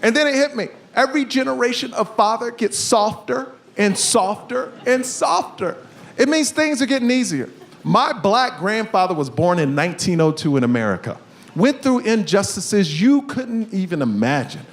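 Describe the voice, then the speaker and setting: High-voiced, animated man doing stand-up. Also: normal speed. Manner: animated storytelling with sudden shouted punchlines. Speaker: stand-up comedian. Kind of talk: stand-up comedy set. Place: comedy stage before a live audience.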